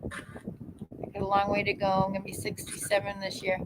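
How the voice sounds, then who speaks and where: A woman's voice: medium pitch, completely flat delivery, normal speed, noisy background. A chatty woman in her fifties, a psychic medium hosting a casual live-stream talk, who laughs easily and acts out the voices of people she quotes. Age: 50s.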